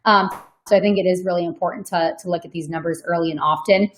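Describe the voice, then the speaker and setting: A woman's voice: fairly low pitch, fairly even intonation, fast. A woman answering audience questions in a webinar, talking casually with many ums and likes. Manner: conversational, frequent "um" and "like", laughs easily. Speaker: sales development manager on a webinar. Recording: echoey room.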